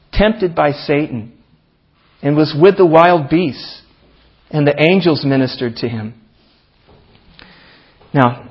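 A man's voice: on the high side, breathy edge. A man preaching a sermon as pastor, reading scripture aloud with emphatic, rising delivery. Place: church. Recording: dull archived church recording.

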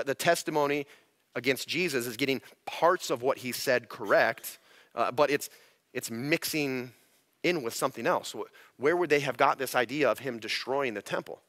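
Male pastor, bright and dry-miked, conversational teaching sermon with frequent restarts. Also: mid-range voice, dry recording. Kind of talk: expository sermon. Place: church sanctuary.

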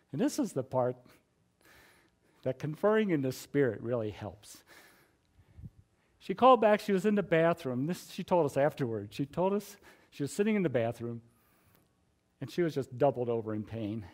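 A middle-aged man preaching a conversational sermon, sharing a personal testimony in an earnest, chatty way with many fillers and soft laughs. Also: mid-range voice, animated, moderate pace.

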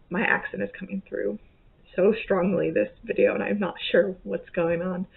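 A woman from southern Indiana with a slight Southern accent chats about her stitching, rambling and restarting her sentences with lots of fillers. Her voice has a gravelly fry. The recording sounds narrow and phone-like. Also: medium pitch, fairly even intonation, normal speed. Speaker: cross-stitch vlogger. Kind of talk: casual chat.

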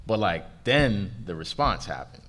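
A man's voice: lowish voice, measured pace. Laid-back man telling stories on a panel. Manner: laid-back, laughs often, grows animated telling a story. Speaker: comics artist on a convention panel. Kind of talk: casual panel conversation, storytelling.

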